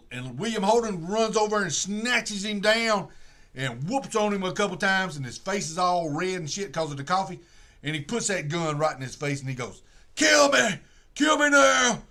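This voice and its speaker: Bright-voiced man rambling through a story. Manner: rambling storytelling, acts out quotes in a low voice. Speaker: livestream host. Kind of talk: casual movie recap.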